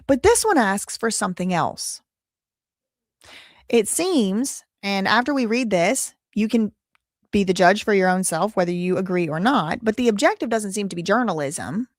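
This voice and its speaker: A woman's voice: mid-range voice, expressive, normal speed, no room sound, studio quality. A woman hosting a live commentary show, reading out documents with sarcastic, wry asides.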